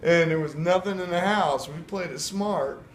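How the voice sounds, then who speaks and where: A man's voice: high voice, moderate pace. A man telling a wild anecdote in casual, profane talk, acting out the voices of the people in it. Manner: profane, lively storyteller acting out quoted voices. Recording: roomy recording with faint ambient noise.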